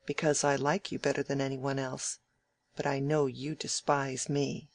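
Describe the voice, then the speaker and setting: A reader voicing a young gentleman who is idle and quick to take offence, pressing his point with emphasis. The voice sits at the reader's ordinary middle pitch, with a gravelly grain, on a dry, close recording. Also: level tone, no echo, close to an everyday voice. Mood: sulky. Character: idle, good-humoured young gentleman, easily piqued. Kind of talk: audiobook dialogue reading.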